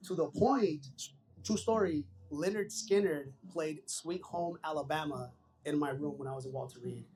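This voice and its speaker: A man's voice: a little high, a little mellow, a little hiss or hum. A man who served in the Army, telling his war story in a casual podcast interview, candid and profane, sometimes laughing through grim details. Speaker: podcast guest, Army veteran. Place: podcast studio.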